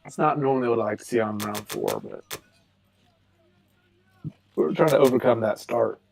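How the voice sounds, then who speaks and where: A man in his thirties with a mid-range voice and a gravelly texture explains his strategy-game moves in an easygoing way. It is casual back-and-forth between players. A faint hiss runs under the recording. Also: mid-range voice, moderate pace, a little mellow. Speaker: co-host and player. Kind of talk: casual gameplay chat.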